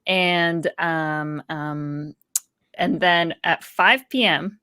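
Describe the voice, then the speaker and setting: A woman with a low, smooth voice chats casually. The sound is dry and close. She lists things off in a relaxed way, with fillers. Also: drawn-out words, no echo. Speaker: guest player. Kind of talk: casual chat.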